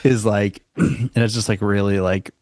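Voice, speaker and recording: Laid-back podcast co-host, a man, fairly low voice. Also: steady tone, darkish tone, dry recording, studio quality. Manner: loose, halting, says "like" often. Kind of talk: casual music podcast chat.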